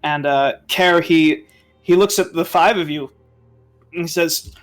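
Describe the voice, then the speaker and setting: A man running a tabletop game as dungeon master, narrating in a halting way with many fillers. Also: fairly high pitch, soft background music.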